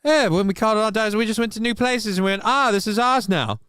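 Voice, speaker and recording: Brief: smug, pompous colonizer, pitched way up, mocking comedy bit, as a man puts him on. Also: lively intonation, a little fast, fairly bright tone, clean tone, dry recording, clean studio sound. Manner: high, mocking comedic impression. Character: smug male colonizer claiming lands.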